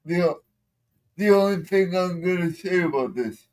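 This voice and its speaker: A man's voice: sits high, animated, measured pace, a little mellow. A man co-hosting a live stream, speaking bluntly and sarcastically in casual chat.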